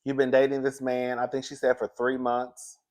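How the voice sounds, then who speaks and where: A man talks through a reality-show recap in a loose, gossipy way. His voice sits at a middle pitch, and he laughs often and keeps calling his listeners "girl.". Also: normal speed. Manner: chatty, gossipy and animated, laughs often, says "girl" a lot. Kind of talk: casual chat.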